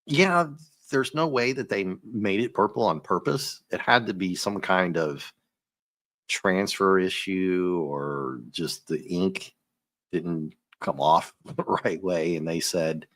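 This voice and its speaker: Low-voiced man hosting a comic chat. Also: unhurried, no room sound, studio quality. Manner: animated, joking, drops into silly impressions. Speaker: comic review host. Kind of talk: casual chat.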